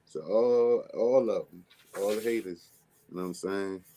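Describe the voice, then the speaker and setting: A man's voice: lowish voice, normal speed, dark tone, a little hiss or hum. A man talking about his music as a podcast guest, loose and slangy with plenty of swearing. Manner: laid-back slangy talk, profane. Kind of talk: casual podcast chat.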